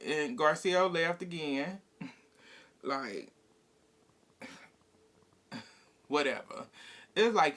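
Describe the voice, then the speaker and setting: Bright-toned man giving a blunt gossip recap. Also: on the high side, takes it slowly, long pauses. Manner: blunt, profane, gossipy retelling with quoted dialogue. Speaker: reality TV recap vlogger. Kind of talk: casual episode recap and opinion.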